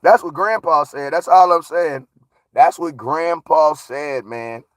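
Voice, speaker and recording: A man hosting a casual live stream, giving viewer shout-outs in a slangy, hyped way that swings from low mutters to loud shouts. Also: slow pace, dry recording. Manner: slangy, repeats catchphrases. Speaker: livestream host.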